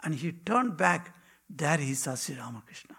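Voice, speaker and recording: A man, a monk, telling devotional stories in a spiritual talk, with dramatic pauses and drops to a hushed whisper. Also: on the high side, sing-song, gravelly, slightly rough. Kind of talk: devotional storytelling.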